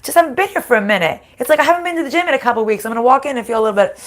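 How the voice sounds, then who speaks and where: A woman's voice: a little high, animated, very fast. A woman with a scratchy voice leads a live-streamed spiritual card reading. She talks in a casual, chatty way, laughs often and swears now and then. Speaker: card reader.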